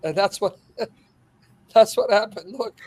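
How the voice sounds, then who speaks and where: A man preaching an expository sermon, animated and laughing as he acts out the scenes. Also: high voice, unhurried.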